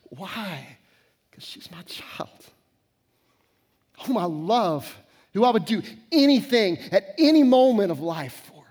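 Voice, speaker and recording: A man in his forties preaching a conversational sermon, sprinkling in casual fillers and dropping at times to a near whisper. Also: high-pitched. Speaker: pastor.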